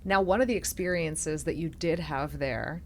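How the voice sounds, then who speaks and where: Soft-spoken reflective woman host. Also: deep voice, normal speed, a little hiss or hum. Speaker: podcast host. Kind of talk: intimate interview conversation.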